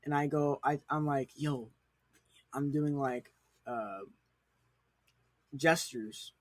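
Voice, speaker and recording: A teenage boy chatting casually and telling a rambling story in a soft, mumbled way. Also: medium pitch, no room sound. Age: teens. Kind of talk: casual chat.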